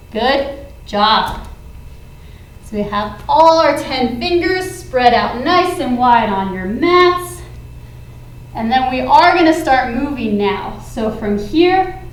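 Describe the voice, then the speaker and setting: A woman's voice: sits high, roomy sound, poor audio. A woman teaching a children's yoga class, giving playful, encouraging sing-song cues. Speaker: kids yoga instructor.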